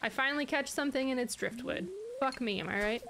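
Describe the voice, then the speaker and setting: High-voiced woman streaming a game, swearing. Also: fast talker, vocal fry, background noise. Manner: swears often, chatty and exasperated; talks softly to her dog between game moments. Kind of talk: live gameplay commentary.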